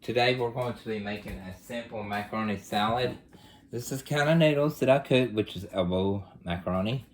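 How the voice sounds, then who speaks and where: A man's voice: lowish voice, brisk, a little hiss or hum. A man hosting a home cooking show from his kitchen, talking in a folksy, chatty way. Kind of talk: casual cooking demonstration.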